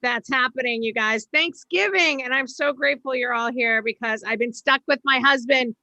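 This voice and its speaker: A woman's voice: high voice, moderate pace, vocal fry, bright, forceful tone, no echo, poor audio. A woman from Boston doing a brash, self-deprecating stand-up set on a video call from home. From Boston, USA. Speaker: stand-up comedian.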